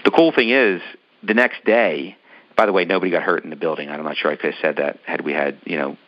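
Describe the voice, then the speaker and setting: A man with a low voice talks quickly, recorded with a muffled sound. He is a business owner in an interview, casually telling a long personal story that rambles, full of ums and restarts.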